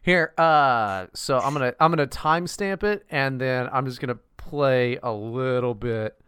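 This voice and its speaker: A man's voice: mid-range voice, a little slow, clean tone, no room sound, clean studio sound. A man co-hosting a podcast, chatting casually and mocking things with lots of swearing. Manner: profane, mocking, animated. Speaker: podcast co-host. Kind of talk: casual chat.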